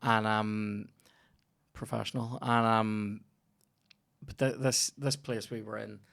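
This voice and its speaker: A man's voice: fairly low pitch, steady tone, slow pace, creaky, fairly bright tone. A young man, a comedian chatting casually on a podcast and telling rambling, sweary stories.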